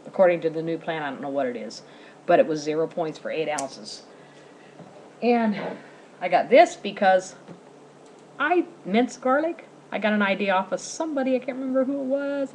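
A woman's voice: lowish voice, slight background noise, rough recording. A woman, chatting casually to camera as she shows off her groceries at home. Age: 40s. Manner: chatty, rambling, giggly. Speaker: vlogger showing a grocery haul.

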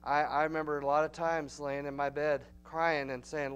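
A man with a Texan accent preaching a Bible study in a church, folksy and emphatic, building to loud, urgent peaks. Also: a little high, level tone, normal speed, few pauses, clean tone. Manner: folksy, emphatic, rising to near-shouting peaks. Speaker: pastor. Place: church sanctuary.

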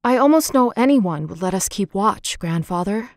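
A woman's voice: mid-range voice, lively intonation, normal speed, no room sound, clean studio sound, natural voice. A woman voicing an earnest, protective older boy in a storybook reading. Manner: earnest, timid but determined.

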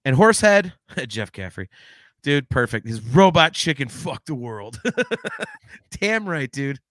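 A man co-hosting a podcast in casual chat, talking in an animated, rambling way with lots of restarts and swearing. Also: medium pitch, measured pace, dry recording, clean studio sound. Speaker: podcast co-host.

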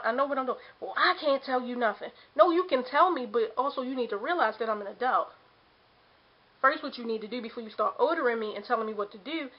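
A woman in her late twenties venting on a vlog, exasperated, repeating herself and mimicking the people who nag her. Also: fairly high pitch. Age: late 20s. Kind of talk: ranting vlog to camera. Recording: dull lo-fi camera audio.

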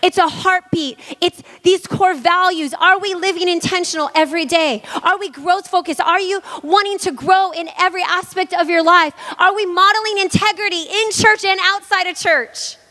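A woman pastor in her thirties from Hawaii, preaching a sermon in a lively, chatty way and joking with the congregation. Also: extremely high pitch, moderate pace, few pauses. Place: church hall. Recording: long church-hall reverb.

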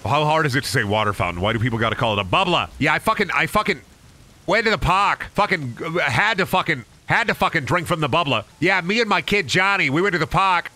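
A man's voice: fairly high pitch, lively intonation, fast. A young man streaming a video game, ranting and joking with lots of swearing. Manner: profane, jokey rants, swings into loud silly bits. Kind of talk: casual gameplay commentary.

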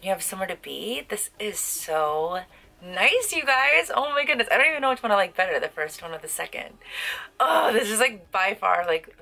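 Young female beauty vlogger with a lower-leaning voice, bubbly and gushing, lots of "like". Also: gravelly, a bit bright, poor audio. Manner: bubbly and gushing, heavy use of "like". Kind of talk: casual makeup review. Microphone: on-camera mic.

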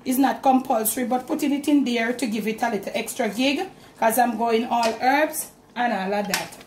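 Jamaican woman, cooking host, high voice, echoey kitchen, faint noise. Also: normal speed, darkish tone. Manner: chatty, direct to camera, Jamaican Patois mixed in. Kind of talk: home cooking demonstration. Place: home kitchen.

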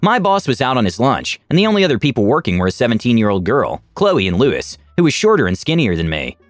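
A man narrating online stories in an expressive, scripted reading. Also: mid-range voice, fast talker, dry recording, soft background music. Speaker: story narrator.

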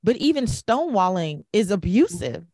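A middle-aged woman hosting a podcast interview, talking emphatically with quick restarts and asides. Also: medium pitch, very animated, warm tone, no room sound, clean studio sound. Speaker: podcast host. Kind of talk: conversational interview.

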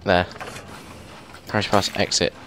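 A young man giving casual, excitable commentary as he plays a game and thinks aloud into a mic held very close to his mouth. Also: low voice, normal speed, background noise. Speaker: gameplay video host.

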